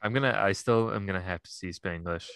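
A man's voice: low-pitched, brisk, a bit bright, slight background noise. A man co-hosting a podcast, chatting casually about movies, rambling with fillers and laughing often. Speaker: podcast co-host. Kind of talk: casual chat.

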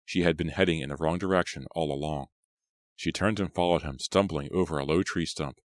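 Male audiobook reader, horror story, extremely deep voice, steady and measured, dry close sound. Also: no room sound. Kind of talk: scripted horror audiobook narration.

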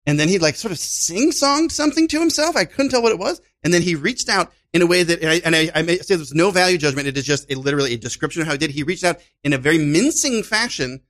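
Male storyteller, animated, acts out the voices in his anecdotes; pitch on the higher side. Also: quick pace, hardly any pauses. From Chicago. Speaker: podcast guest, improviser. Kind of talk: casual storytelling chat.

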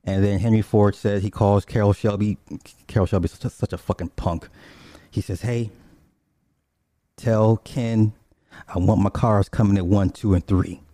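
A deep, mellow-voiced man rants in a loose, rambling way, swearing freely and wandering off on tangents. The sound is close and dry, with no room around it. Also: steady tone, moderate pace, no room sound. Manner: profane, rambling, digressive. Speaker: commentator on online streamers. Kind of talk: casual ranting commentary.

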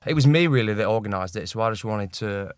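A man's voice: fairly low pitch, lively intonation, fast talker, clean tone, no room sound. A man in his thirties with a Northern English accent, chatting casually as a guest and laughing at himself often. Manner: laughs often, self-deprecating. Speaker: guest rugby player. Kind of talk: casual chat.

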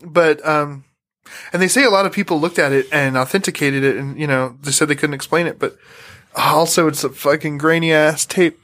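A man hosts a podcast in a relaxed, profane way, with a fairly high voice. He laughs easily and tells stories loosely. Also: moderate pace. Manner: laid-back, profane, laughs a lot. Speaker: podcast host. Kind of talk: casual podcast chat.

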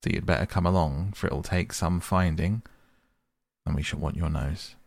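A man's voice: low voice, normal speed, creaky, darkish tone, no room sound, clean studio sound. A man doing a hearty, bluff water rat. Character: kindly hearty male water rat, brisk and cheerful.

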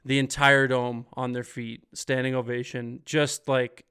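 A man's voice: medium pitch, flat delivery, unhurried, pushed and bright, clear, resonant tone. A man hosting a casual post-game hockey stream, reading viewer comments in an upbeat, chatty way. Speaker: podcast host.

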